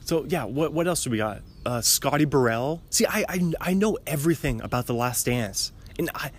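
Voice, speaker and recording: A man's voice: on the high side, expressive, normal speed, hardly any pauses, husky. A man in his twenties hosting a podcast, chatting casually and rambling, often laughing at his own jokes. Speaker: podcast host. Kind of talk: casual chat.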